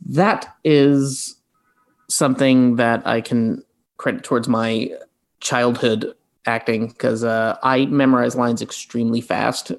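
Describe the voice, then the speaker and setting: Gravelly-voiced man, rambling interview talk. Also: mid-range voice. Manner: rambling, many fillers and restarts. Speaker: actor guest.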